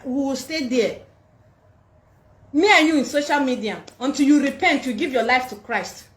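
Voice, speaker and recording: A Nigerian woman rants on her livestream, speaking into a phone in an echoey room. She scolds, stays defiant and keeps repeating herself, her voice high-pitched and moderately paced.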